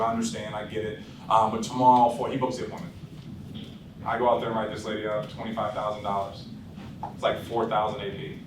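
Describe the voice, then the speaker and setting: A man giving blunt, animated sales coaching to his team, acting out phone calls as he tells stories. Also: fairly low pitch, a little fast. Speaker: insurance sales trainer. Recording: roomy echo, distant mic, background noise.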